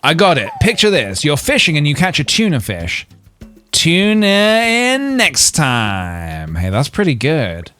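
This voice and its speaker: A man in the middle of a casual game stream, jokey and rambling as he chats with viewers. His pitch rises and falls a lot. Faint music plays underneath his voice. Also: big pitch swings, normal speed, few pauses, fairly bright tone. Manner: playful, jokey, rambling with frequent laughs and fillers. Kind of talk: casual gameplay livestream chat.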